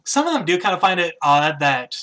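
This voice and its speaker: Man game master, bright voice, casual halting narration. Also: on the high side, sing-song.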